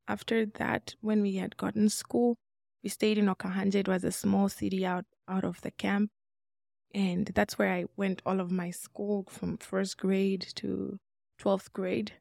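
Recorded with studio quality and no room sound, her mid-range voice carries vocal fry and a darkish tone. The Congolese woman in her twenties sincerely shares her life story as a podcast guest, performing the dialogue she recalls.

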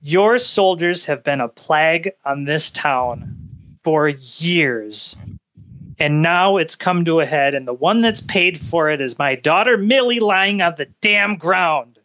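A man voicing a grieving middle-aged father who is crying and speaks in halting restarts. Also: fairly high pitch, creaky, sharp tone, full character voice. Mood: bitter rage. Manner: tearful, breaking, halting restarts.

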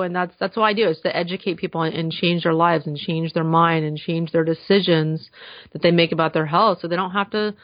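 Woman, podcast guest, enthusiastic, lots of ums, deep voice, dry lo-fi sound. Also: fairly even intonation, brisk, no echo. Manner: earnest, enthusiastic, frequent fillers. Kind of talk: casual podcast interview. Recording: dull slightly lo-fi dry sound.

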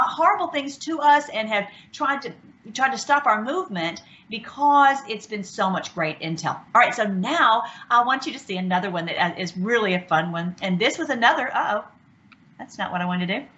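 A woman hosting an online show, talking casually and excitedly, with many restarts and fillers. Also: on the high side, normal speed. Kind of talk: casual talk commentary. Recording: dull lo-fi sound.

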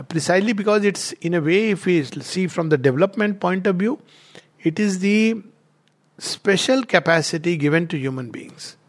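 Gravelly man explaining. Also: a little high. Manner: thoughtful, explanatory, frequent fillers and restarts. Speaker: speaker on philosophy of language. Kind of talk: explanatory talk.

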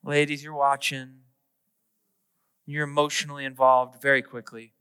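Bright-voiced male pastor in an echoey hall. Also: medium pitch, level tone, moderate pace, clean tone. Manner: conversational and self-mocking, with playful asides. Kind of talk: sermon. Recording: echoey hall with long reverb.

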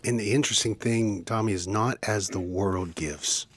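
A man co-hosting a devotional podcast, teaching in an earnest, preacherly way and slowing down for emphasis. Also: on the low side, fairly bright tone. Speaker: podcast co-host.

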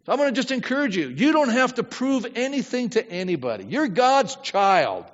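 A man's voice: very high voice, sing-song, normal speed, big-room sound. Man, pastor, conversational sermon, dull recording. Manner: conversational, asks the congregation questions.

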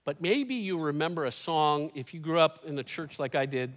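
A man in his fifties preaches a sermon in a church, his notably high voice carried by a long hall reverb. He tells stories in a folksy way and drops in humorous asides. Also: expressive, normal speed, few pauses, fairly bright tone. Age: 50s. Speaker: pastor. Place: church sanctuary.

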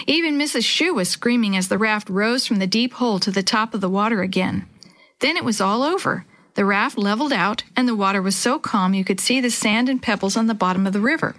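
A woman reading a children's chapter book aloud in a lively, expressive way. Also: medium pitch, moderate pace. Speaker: storyteller.

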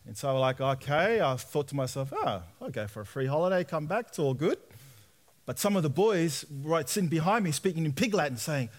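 Animated man telling a sermon testimony. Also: fairly high pitch, a little fast. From Australia. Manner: animated storyteller, acts out quoted voices. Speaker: preacher.

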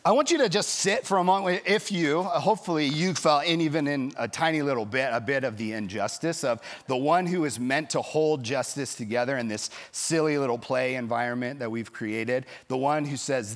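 Animated man preaching a sermon. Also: medium pitch, normal speed. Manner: storytelling, animated, acts out quoted voices. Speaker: pastor.

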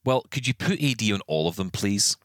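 A man with a low, deep voice co-hosts a podcast, his pitch swinging widely as he rants in exasperation. He stumbles over restarts as he talks in casual chat, recorded dry and close with no room sound. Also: fairly quick, no echo. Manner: animated, exasperated ranting with many restarts. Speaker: podcast co-host.

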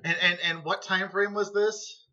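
A man co-hosting a podcast, reacting with jokes and quick asides in casual chat. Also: high-pitched, fairly even intonation, sharp tone. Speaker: podcast co-host. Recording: dull lo-fi sound.

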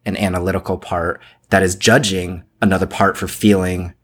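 A man's voice: sits low, level tone, moderate pace. A man co-hosting a podcast, speaking casually and thoughtfully, searching for the right words. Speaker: podcast co-host.

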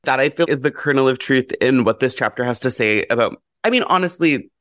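Animated man acting out quotes. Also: a little fast, dry recording. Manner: animated, acts out quoted lines with big pitch jumps; blunt, swears casually. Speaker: podcast guest. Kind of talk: casual book discussion.

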